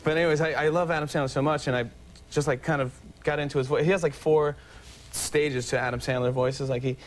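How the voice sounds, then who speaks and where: A man in his twenties, a talk show guest, telling rambling, excitable stories with lots of fillers. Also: fairly high pitch, fast. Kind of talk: casual chat.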